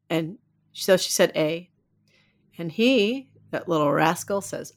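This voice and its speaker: Woman guest, low voice, animated and rambling storyteller. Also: unhurried. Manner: animated, rambling, laughs often. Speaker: podcast guest. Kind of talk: storytelling in casual interview.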